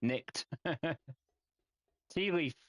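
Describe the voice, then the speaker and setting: A man with a Yorkshire accent chatting casually with viewers while streaming a game, friendly and quick to laugh, stumbling over names. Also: a little high, dry recording.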